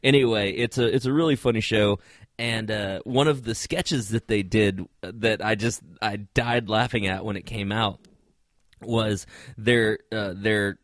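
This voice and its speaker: A man's voice: fairly low pitch, a little slow, no room sound, clean studio sound. A man co-hosting a casual podcast, telling a long funny story and laughing through it. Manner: animated storyteller, laughs through his stories, yells quoted lines. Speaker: podcast co-host.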